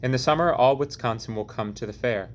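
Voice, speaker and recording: A man's voice: medium pitch, a little fast, a little hiss or hum, close to an everyday voice. A man voicing a German carpenter who gives matter-of-fact advice. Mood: advising.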